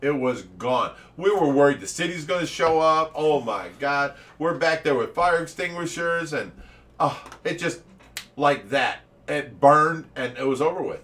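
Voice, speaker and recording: Animated man telling stories, laughing. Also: fairly high pitch, measured pace, recorded from a distance. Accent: Ohio. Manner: animated storyteller, laughs often. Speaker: fish rescue owner, livestream host. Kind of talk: casual livestream chat.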